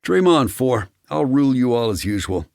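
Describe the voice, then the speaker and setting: A man's voice: fairly high pitch, big pitch swings, racing, no echo, clean studio sound, pitched above the performer's own voice. A male audiobook narrator voicing a cocky, joking young man riding in the back seat. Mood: playful. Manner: boastful, hooting.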